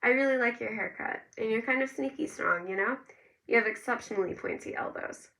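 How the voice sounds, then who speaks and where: A woman's voice: on the high side, a little fast, vocal fry, a bit bright, low-quality recording. A woman voicing a shy, flustered teenage boy who talks in awkward bursts.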